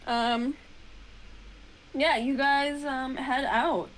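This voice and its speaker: A woman's voice: sits high, drawn-out words, a little hiss or hum, poor audio. Casual woman running a tabletop game. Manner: relaxed, many fillers and trailing asides. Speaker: game master.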